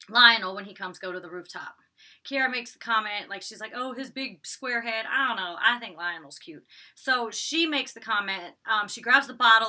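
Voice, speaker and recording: A woman's voice: medium pitch, sharp tone. A young woman in a casual recap vlog, talking in a blunt, sassy way with speech patterns, swearing freely and laughing often. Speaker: TV show reviewer.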